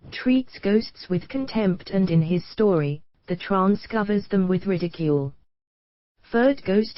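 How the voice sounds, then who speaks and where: A woman's voice: medium pitch, no room sound. Woman narrating an audiobook, dry and dull. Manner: even, measured reading that voices page headers and numbers aloud. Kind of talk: scripted nonfiction narration.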